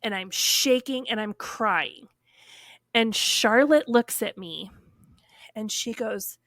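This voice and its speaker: A woman telling a personal story on a podcast in a casual, animated way, full of fillers and acted-out quotes. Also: on the high side, takes it slowly, no room sound, studio quality.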